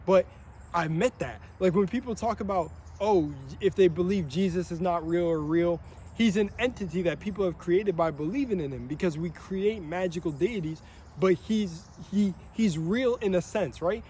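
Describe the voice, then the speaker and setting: A young man rambling in a monologue, excitable and swearing often, laughing between phrases. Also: high voice, normal speed, a little hiss or hum. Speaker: vlogger.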